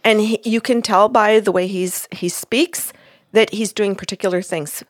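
A woman's voice: mid-range voice, steady tone, normal speed, no echo, clean studio sound. A woman co-hosting a podcast as a psychic medium, telling a story in a chatty, giggly, self-deprecating way. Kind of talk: casual storytelling chat.

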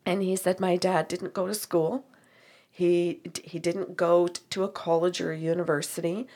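A woman's voice: fairly low pitch, moderate pace. A woman who works as a medium, telling a story about a reading and acting out both sides of the conversation. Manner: animated retelling with quoted dialogue. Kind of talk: storytelling chat.

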